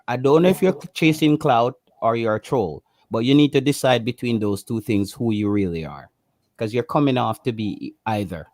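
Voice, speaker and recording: A man's voice: mid-range voice, moderate pace, a little mellow, no echo, studio quality. A passionate Jamaican man co-hosting a casual livestream chat, emphatic and given to repeating himself. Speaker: co-host.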